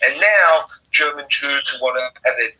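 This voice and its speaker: Bright-voiced Englishman on a tinny line. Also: mid-range voice, moderate pace. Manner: discursive, many fillers and restarts. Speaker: guest historian and author. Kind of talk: conversational interview.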